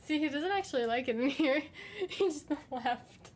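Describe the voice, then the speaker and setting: A woman with a high, bright-pitched voice chats casually to her stream from her room at home. She gushes and dotes, slipping into sing-song baby talk. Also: lively intonation, moderate pace, slight background noise. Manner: gushing, doting, baby-talks to her cat. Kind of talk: casual chat with viewers.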